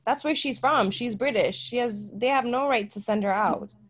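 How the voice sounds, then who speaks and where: A young woman from Malawi co-hosting a podcast, chatting casually, quick to agree and add her own points. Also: on the high side, husky. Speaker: podcast co-host. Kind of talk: casual chat.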